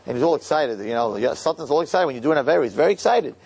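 A man giving an animated sermon, acting out scenes and repeating lines for emphasis. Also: mid-range voice, racing, creaky, slightly rough. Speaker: religious speaker.

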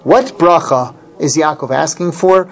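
A man's voice: fairly high pitch, unhurried. Man teaching Torah verses, lo-fi. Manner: explains Hebrew verses line by line, with restarts. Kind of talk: Torah class lecture. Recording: dull lo-fi recording.

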